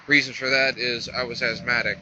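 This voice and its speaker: A man in his twenties from North Carolina with a slight lisp, talking to the camera while he walks outdoors, halting and hesitant, thinking aloud. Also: medium pitch, flat delivery, highs cut off, very noisy. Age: 20s. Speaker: vlogger. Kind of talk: rambling walk-and-talk vlog. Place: outdoors on a roadside walk.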